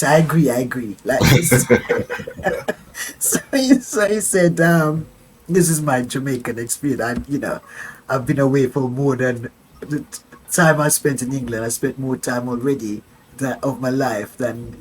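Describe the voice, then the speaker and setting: An older woman telling a personal story as an interview guest. She is an animated storyteller who acts out dialogue and laughs often. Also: rumbling low, a little slow, a little hiss or hum, rough recording.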